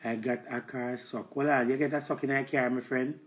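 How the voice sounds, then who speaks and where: A man's voice: medium pitch, steady tone, fairly quick, reverberant. A man with a Jamaican accent rambling in a preachy, lecturing way, addressing his listeners directly on a live stream. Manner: preachy, lecturing, repeats "let me tell you something".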